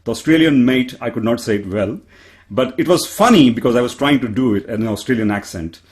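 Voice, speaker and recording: A man's voice: medium pitch, brisk, darkish tone. Indian-accented man, earnest and self-deprecating. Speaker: panelist, public speaker. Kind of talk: panel discussion answer.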